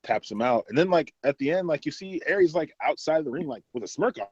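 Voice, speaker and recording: A man's voice: fairly high pitch, animated, fast, darkish tone, slightly rough, no room sound, dull audio. A man co-hosting a casual wrestling podcast, rambling through a match recap with lots of fillers and laughs. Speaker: podcast co-host. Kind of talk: casual chat.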